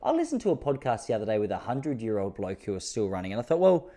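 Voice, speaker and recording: A man's voice: big pitch swings, very fast, warm tone. An Australian man in his thirties hosting a podcast, telling stories in a laid-back, self-mocking way. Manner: laid-back, self-mocking, jumps to high-pitched disbelief when telling jokes. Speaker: podcast host. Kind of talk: casual storytelling monologue.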